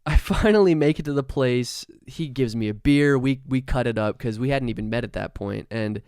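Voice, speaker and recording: Animated swearing male musician, crisp voice. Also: medium pitch, moderate pace, dry recording, studio quality. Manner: animated, swearing, acts out quotes. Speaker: musician guest. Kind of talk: casual podcast storytelling. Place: studio.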